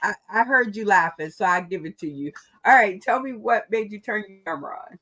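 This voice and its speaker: A woman's voice: mid-range voice, lively intonation, a little fast, a bit bright. A woman hosting an online comedy game show over a video call, laid-back and chatty.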